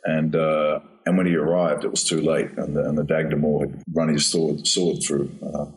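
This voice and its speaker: Deep-voiced male actor telling a story. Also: level tone, moderate pace. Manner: rambling, repeats words and restarts, laughs at his own story. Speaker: actor guest. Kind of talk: storytelling anecdote in an interview. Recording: distant from the mic.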